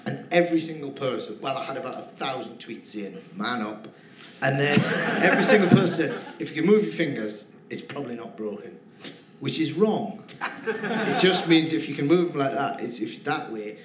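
A man's voice: medium pitch, lively intonation, normal speed, few pauses, a crowd in the background. A male comedian guest telling rambling, giggly anecdotes in a live podcast interview. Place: theatre stage with live audience. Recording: roomy theatre, audience laughter.

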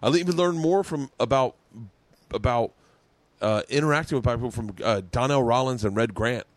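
A man's voice: medium pitch, normal speed, no room sound. A man hosting a podcast, telling stories in casual chat and acting out other people's lines as he goes. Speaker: podcast host.

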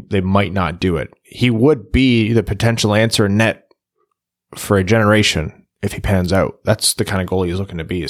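A man hosting a casual sports podcast, joking around and reading listener messages. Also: fairly low pitch. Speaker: podcast host.

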